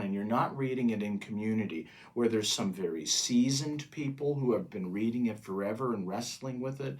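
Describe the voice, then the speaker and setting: A man co-hosting a podcast as a pastor, talking in a casual, earnest way and slowing down to stress his points. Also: mid-range voice. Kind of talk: casual chat.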